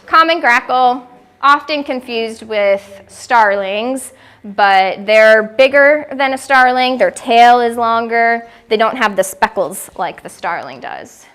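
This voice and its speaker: A woman with a slightly high voice gives an informal talk on birding in a gallery room. She is friendly and chatty, and she sometimes mimics bird calls for her listeners. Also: lively intonation, slow, a bit bright, smooth. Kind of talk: informal presentation to a small audience.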